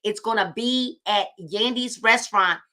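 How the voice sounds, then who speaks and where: A woman's voice: on the high side, measured pace, pushed and bright. A woman hosting a live book club stream, preachy and encouraging, often repeating her phrases.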